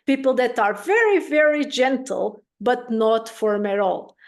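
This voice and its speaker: A woman giving an interview as a parenting coach, explaining calmly and acting out parents' voices in little quotes. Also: a little high, a little slow.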